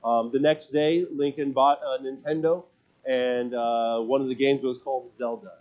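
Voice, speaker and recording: A man's voice: medium pitch, fairly even intonation, normal speed, darkish tone, lo-fi sound. A man in his forties, a pastor preaching a sermon who tells a funny personal story, then turns earnest.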